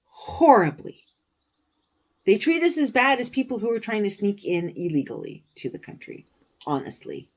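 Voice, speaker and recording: A woman hosting a stitching vlog, telling a story in a casual, animated way with indignant, sarcastic asides. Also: mid-range voice, brisk. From United States. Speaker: cross-stitch vlogger, show host.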